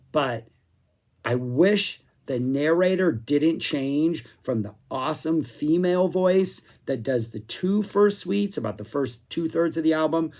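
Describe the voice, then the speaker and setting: A man talks through an album he loves in a loose, rambling way. His voice sits at an ordinary middle pitch, and he keeps circling back with enthusiasm as he reviews it. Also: darkish tone. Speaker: music reviewer. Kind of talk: casual spoken album review.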